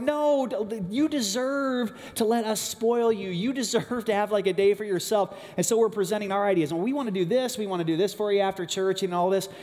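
A middle-aged man preaching a sermon, telling a family story with animated moments, then turning hushed and earnest. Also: high-pitched. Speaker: pastor. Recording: long hall reverb.

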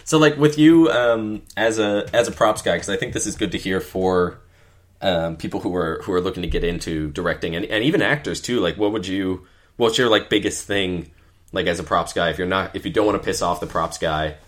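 A man's voice: low-pitched, a little fast. A man hosting a casual podcast chat, mostly listening and agreeing with short replies and laughs. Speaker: podcast host.

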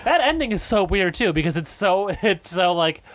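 A man co-hosting a podcast in casual chat, talking in an animated way with frequent laughs and casual swearing. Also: sits high, moderate pace, no room sound. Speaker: podcast co-host.

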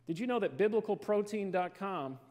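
Playful preacher in a reverberant hall. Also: male voice, sits high, animated, brisk, warm tone, a little hiss or hum. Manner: storytelling, playful, chatty with the audience. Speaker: guest preacher. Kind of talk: humorous sermon to a congregation.

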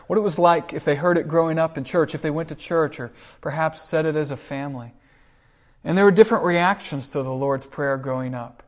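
A male pastor preaching a sermon with earnest storytelling, slowing down on key phrases. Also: on the high side.

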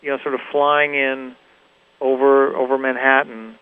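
A man from Los Angeles, a musician guest, reflecting in a halting way with frequent restarts and "you know". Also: mid-range voice, little pitch movement, clean tone. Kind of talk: reflective interview talk. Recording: tinny phone-like radio recording.

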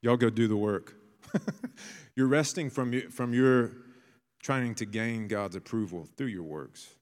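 Low-voiced male pastor in a reverberant hall. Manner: storytelling, with bursts of excitement. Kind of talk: sermon.

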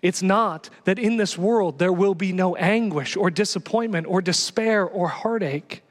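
A male pastor preaching passionately, swinging from hushed lines to loud exhortation. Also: high voice, measured pace. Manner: passionate, builds to shouting exhortations. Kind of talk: sermon. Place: church. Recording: long reverb of a church hall.

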